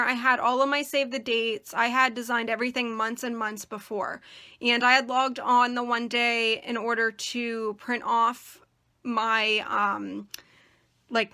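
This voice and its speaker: Young female craft host, bright tone, rambling filler-heavy delivery, voice going hoarse. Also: on the high side. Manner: chatty, rambling, many fillers. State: losing her voice. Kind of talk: casual tutorial demonstration.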